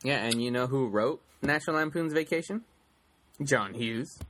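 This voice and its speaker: A man's voice: medium pitch, normal speed, a bit bright, a little hiss or hum. A man hosting a podcast, chatting casually, rambling and teasing his co-host. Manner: rambling, teasing, laughs a lot. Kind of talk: casual chat.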